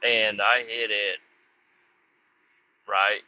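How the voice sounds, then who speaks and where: A man's voice: lowish voice, flat delivery, extremely slow, bright, forceful tone. A man hosting a podcast, telling a meandering story in a casual way, swearing often and correcting himself as he goes. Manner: profane, meandering, self-correcting. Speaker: podcast host. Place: outdoors beside a road. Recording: slightly muffled, dull recording.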